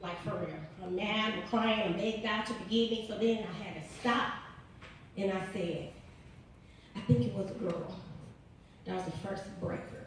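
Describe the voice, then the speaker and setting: A woman speaks earnestly and with emphasis about her own experience, circling back over the same phrases in a loose, informal way. Her voice is middle-pitched and picked up from some way off the mic. A big, ringing room echo surrounds every word. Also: normal speed, slight background noise. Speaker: author and interview guest. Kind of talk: personal storytelling in an interview. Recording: very echoey room, distant mic.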